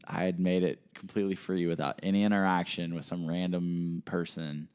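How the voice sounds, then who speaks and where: A man's voice: a little fast, clean tone. A young man hosting a podcast, telling a story in casual chat and acting out the people he quotes. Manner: animated storyteller who acts out quotes in a higher voice. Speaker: podcast host.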